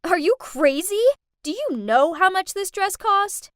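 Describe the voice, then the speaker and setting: A woman voicing a snobbish, cruel rich teenage girl with a haughty manner in an animated story. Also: unhurried, no echo, studio quality, heavily acted. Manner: haughty, shrill when angry.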